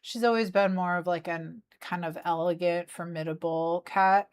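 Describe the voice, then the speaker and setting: A woman's voice: on the low side, steady tone, moderate pace, few pauses. A woman streaming from her craft desk, chatting playfully and talking to her cat as she works. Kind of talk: casual chat while crafting. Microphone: desk mic, faceless desk view.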